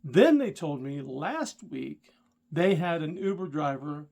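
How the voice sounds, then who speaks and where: A man's voice: a little high, expressive, slow pace, gravelly, darkish tone. A middle-aged man, a rideshare driver and channel host, telling a story straight to the viewer and getting worked up and indignant. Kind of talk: casual storytelling vlog.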